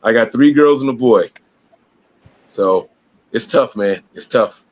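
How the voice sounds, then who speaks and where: A man's voice: medium pitch, slow, darkish tone. A man co-hosting a casual podcast, telling rambling stories full of restarts and fillers. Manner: rambling storyteller with many restarts. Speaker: podcast co-host. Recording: dull lo-fi sound.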